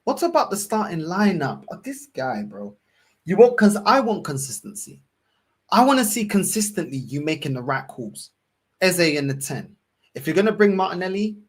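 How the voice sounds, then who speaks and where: A man's voice: a little high, husky. A man hosting a fan live stream, ranting furiously and swearing over and over. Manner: furious, swearing, repetitive outbursts. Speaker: fan channel host. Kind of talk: angry live-stream rant.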